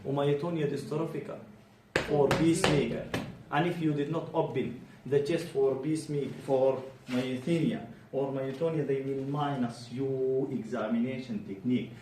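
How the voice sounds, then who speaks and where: A man teaching a bedside clinical exam to students, animated and quizzing them repeatedly. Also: medium pitch, normal speed. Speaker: medical exam tutor. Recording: roomy, distant, faint background hum.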